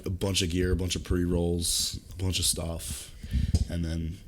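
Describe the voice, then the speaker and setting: Young male podcast co-host with a low voice. Animated storyteller who jumps up high to act out his panic. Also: measured pace, noisy background. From US East Coast. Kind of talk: casual storytelling chat.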